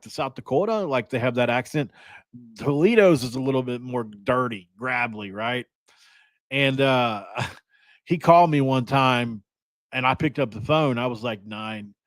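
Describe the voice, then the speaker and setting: A man's voice: medium pitch, no room sound. Joking man rattling off sports matchups. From West Virginia. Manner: rambling, joking, self-deprecating. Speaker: podcast host. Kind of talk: casual sports podcast chat.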